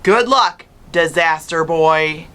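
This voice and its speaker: A woman's voice: low-pitched, slow pace, a bit bright. A woman reading a storybook aloud, voicing a smug older brother who mocks his sibling. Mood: teasing. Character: teasing older brother, about eleven.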